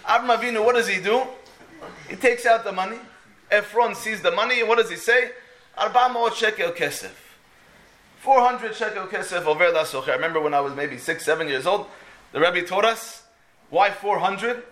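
A man's voice: high-pitched, normal speed. A man giving a storytelling Torah talk, asking and answering his own questions. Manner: animated, asks and answers his own questions, mixes in Hebrew phrases. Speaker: Torah teacher.

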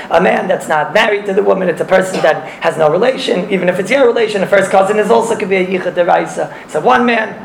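Man, high gravelly voice, giving a lively repetitive class in an echoey room. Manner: animated, repeats phrases, mixes in Hebrew and Yiddish terms. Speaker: Torah class teacher. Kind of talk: spoken halacha class. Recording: echoey room with faint noise.

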